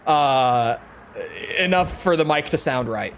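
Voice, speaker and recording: A man's voice: on the high side, expressive, takes it slowly, a little hiss or hum. A young man in his twenties chatting casually on a gaming stream, talking from the throat to project his voice.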